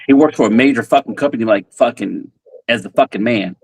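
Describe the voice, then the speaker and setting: A man guesting on a podcast, telling casual stories in a profane, animated way and acting out what people said. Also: mid-range voice, a little fast, slightly rough, no room sound. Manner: profane, animated storytelling with acted-out quotes. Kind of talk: casual storytelling.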